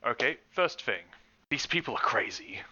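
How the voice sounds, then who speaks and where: A man's voice: medium pitch, lively intonation, moderate pace, sharp tone, dull audio. A man playing a tabletop horror game, blunt and casual, swearing freely. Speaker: player.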